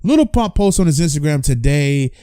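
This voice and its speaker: A man hosts a fan-run news commentary show, his fairly high voice bouncing lively up and down as he chats straight to viewers. The sound is dry and close, with no room around it. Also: moderate pace, smooth, no room sound. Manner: animated, chatty, addresses fans directly.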